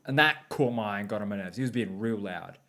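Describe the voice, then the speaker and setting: A man's voice: lowish voice, fast talker, fairly bright tone. A young man co-hosting a sports podcast, chatty and laughing often as he tells stories. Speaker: podcast co-host. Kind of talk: casual sports chat.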